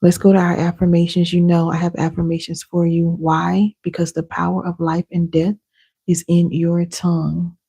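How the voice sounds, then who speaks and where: A woman coaching viewers live, her low, mellow voice gravelly and husky. She talks to her audience casually, then slows right down to lead affirmations and breathing. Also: completely flat delivery. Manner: guides listeners through slow affirmations and breathing. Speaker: inner healing coach. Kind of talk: live-stream coaching session.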